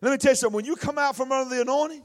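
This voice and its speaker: A preacher delivers his sermon in a strikingly high man's voice. He rises into shouted, almost sung phrases and then slips into fast, conversational asides. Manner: preaching with shouted, sing-song swells and quick asides.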